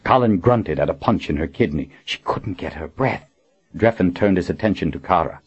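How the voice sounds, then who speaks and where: Deep husky guy narrating a dark fantasy audiobook, lively dramatic reading, kinda muffled. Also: normal speed.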